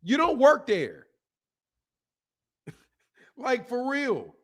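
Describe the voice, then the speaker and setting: High-voiced man on a heated profane rant. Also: huge pitch swings, drawn-out words. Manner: heated, profane, hammering repetition; reads viewer comments aloud. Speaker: boxing channel host. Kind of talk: ranting boxing commentary to viewers.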